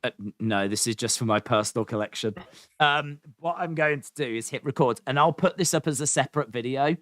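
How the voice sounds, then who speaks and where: Man, podcast co-host, rambling and self-deprecating, dry close mic, mid pitch. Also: fairly quick, a bit bright, no echo. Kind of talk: casual podcast chat.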